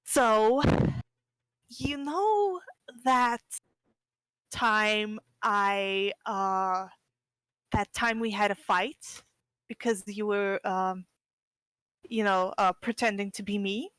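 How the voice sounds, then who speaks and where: A woman's voice: medium pitch, fairly bright tone, no echo, low-quality recording. Woman playing a hesitant sneaky young man. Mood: confiding. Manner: hesitant, halting with fillers.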